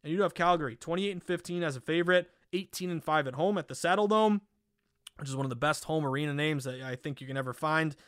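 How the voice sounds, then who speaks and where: Energetic Boston-accented betting host. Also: male voice, fairly high pitch, dry recording, studio quality. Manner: energetic, rapid, with frequent uh fillers and self-corrections. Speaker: sports betting podcast host. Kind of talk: solo betting picks podcast.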